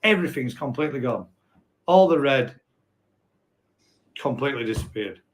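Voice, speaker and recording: A man's voice: medium pitch, animated, normal speed. A man hosting a casual live stream, chatting and reading out viewer comments in a rambling, self-correcting way. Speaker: host.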